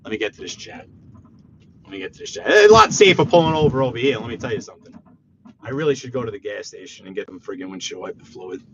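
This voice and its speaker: A man chatting with his live viewers while driving, joking and teasing in an animated way. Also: medium pitch, fast. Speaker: live-streaming driver. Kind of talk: casual live-stream commentary while driving. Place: inside a moving car. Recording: dull lo-fi car audio with faint road noise.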